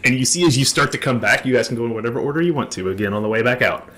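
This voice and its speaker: A man narrating a tabletop role-playing game as game master, laughing often in relaxed storytelling. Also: medium pitch, rapid-fire.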